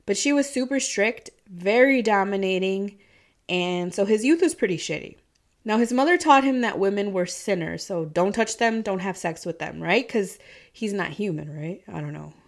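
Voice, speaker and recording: A woman's voice: mid-range voice, gravelly. Chatty Midwestern woman with a Southern twang. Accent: Midwestern American with a Southern twang. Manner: chatty and swearing, with frequent laughter. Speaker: true-crime vlogger. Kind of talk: casual true-crime storytelling.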